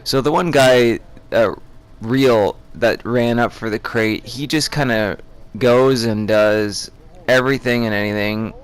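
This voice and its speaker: A man's voice: mid-range voice, a little slow, clean tone. A young man hosting a gaming channel, talking casually over his gameplay in a chatty, rambling way.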